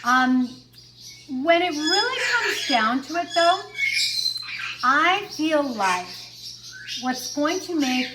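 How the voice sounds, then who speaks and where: A woman's voice: high voice, expressive, takes it slowly, noisy background. A woman vlogging casually about her pet parrots, talking with fillers and self-corrections. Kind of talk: casual chat to camera.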